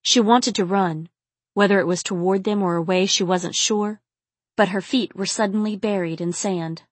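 A woman narrating a novel in a steady, intimate storytelling manner. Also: medium pitch, moderate pace, no room sound. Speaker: audiobook narrator. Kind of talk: scripted audiobook narration.

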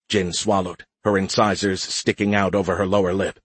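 A man reading an audiobook in a measured, even narration. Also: low-pitched, breathy edge, no echo. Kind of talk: scripted narration.

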